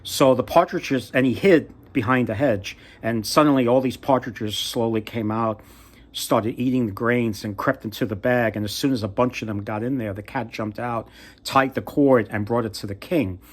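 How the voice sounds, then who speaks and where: Halting man retelling a fairy tale. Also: medium pitch. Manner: halting, trails off and restarts often. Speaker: storyteller.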